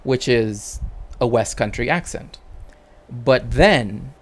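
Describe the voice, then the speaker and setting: A man's voice: mid-range voice, slow. A man streaming as a cultural historian, talking casually and rambling, checking in with tag questions. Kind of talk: casual livestream chat.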